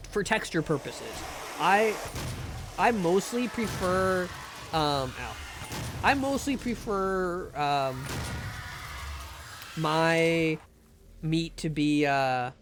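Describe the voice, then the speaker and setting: Young male streamer, high-pitched, rambling casual chat with restarts, at a desk mic. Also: slight background noise. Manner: rambling, many fillers and restarts. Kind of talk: casual livestream chat while gaming.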